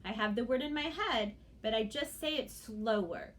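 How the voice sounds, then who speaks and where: A woman teacher giving a phonics lesson to young children, stretching words out slowly and checking in with a gentle "okay?" after each step. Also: a little high. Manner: slow, exaggerated, sing-song teacher talk to young children.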